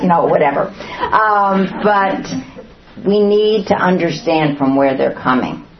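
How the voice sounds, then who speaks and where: Lady teaching bible study, lowish voice, asks the room lots of questions, echoey dull recording. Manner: asks the listeners many questions, acts out quotes.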